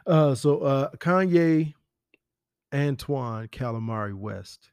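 A man's voice: mid-range voice, expressive, slow, a little mellow, smooth, no room sound. A man hosting a podcast, talking in a rambling, profane, conversational way. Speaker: podcast host. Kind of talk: casual solo commentary.

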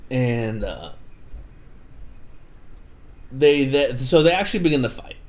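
A man's voice: mid-range voice, slow. A man in a casual podcast chat, recapping a book with swearing and acted-out quotes. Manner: animated, swearing, acts out quotes. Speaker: podcast host.

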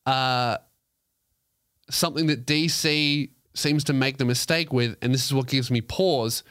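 A man's voice: medium pitch, steady tone, a little slow, fairly bright tone, clear, resonant tone, no echo. A young man hosting a podcast on his own, chatting casually into a close mic with rambling asides and frequent swearing. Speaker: podcast host. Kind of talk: casual solo podcast chat.

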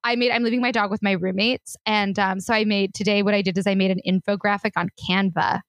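A woman's voice: medium pitch, fairly even intonation, fast, no room sound. A woman co-hosting a casual chat with friends, rambling and self-mocking as she tells a story. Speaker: podcast co-host.

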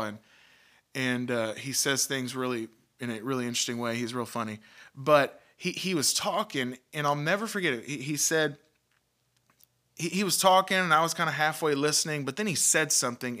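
Man, bright forceful voice, earnest devotional podcast talk, emphatic, repeats himself. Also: mid-range voice. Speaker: podcast host, Christian teacher.

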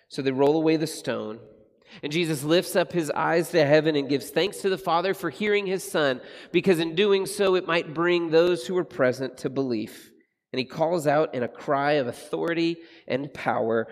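A man preaching a sermon, earnest and reflective, slowing and softening his voice on the solemn passages. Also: fairly high pitch, big-room sound. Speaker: pastor.

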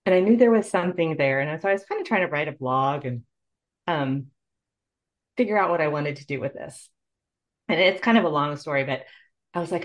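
With a low-pitched, brisk voice, a middle-aged nurse shares her own story in an interview. She comes across as earnest and heartfelt, and at moments she grows tearful.

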